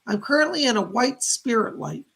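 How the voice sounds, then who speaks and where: A man hosting live-stream psychic readings from his computer, greeting viewers with excitement and relaying spirit messages. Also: extremely high pitch, moderate pace, creaky, breathy edge. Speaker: psychic medium host.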